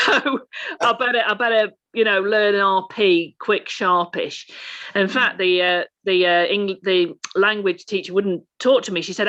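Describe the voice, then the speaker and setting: A woman's voice: medium pitch, fairly even intonation, normal speed, pushed and bright. A woman with a Lancashire accent, an actor, chatting casually and laughing between her points on a video call. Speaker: actor guest. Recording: dull lo-fi video call audio.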